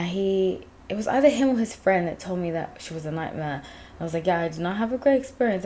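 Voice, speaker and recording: Woman, thirties, low-pitched, chatty, meandering, filler-heavy casual storytelling. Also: a little mellow. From England and South Africa. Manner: chatty, digressive, many fillers. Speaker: tarot reader, channel host.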